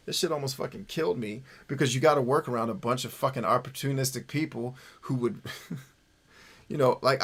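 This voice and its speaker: A man with a medium-pitched, sharp-toned voice hosts a casual livestream. He keeps it loose, frequently asking "right?", and swears when riled up; his delivery is that of a onetime radio voice for phone numbers.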